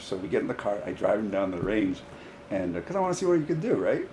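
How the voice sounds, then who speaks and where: Low-voiced man telling coaching stories. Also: fast, slight background noise. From Rhode Island, US. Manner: animated, acts out dialogue in stories. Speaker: high school golf coach. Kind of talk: casual podcast storytelling.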